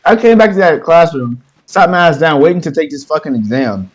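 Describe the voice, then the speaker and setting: A young man co-hosting a casual podcast, telling a story in an animated way, swearing and laughing as he goes. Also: fairly high pitch, brisk, rough recording. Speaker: podcast co-host.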